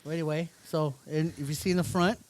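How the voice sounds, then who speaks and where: A man co-hosting a casual podcast chat, playful and quick to laugh. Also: fairly high pitch, steady tone, a little mellow. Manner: laughs often, playful banter. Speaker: podcast co-host.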